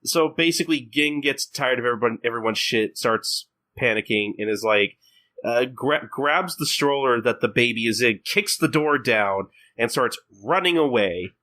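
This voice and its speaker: Young male podcast guest, bright and forward tone, halting delivery full of restarts. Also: medium pitch. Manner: hesitant, repeats words and restarts often. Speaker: podcast guest, fan translator. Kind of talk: casual podcast chat.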